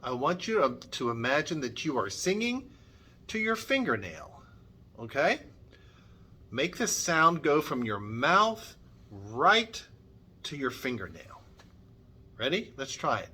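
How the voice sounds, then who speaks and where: A man's voice: medium pitch, big pitch swings, slow pace, long pauses, sharp tone, husky. A middle-aged man leading a children's church music lesson, upbeat and coaxing, modelling sounds for the kids.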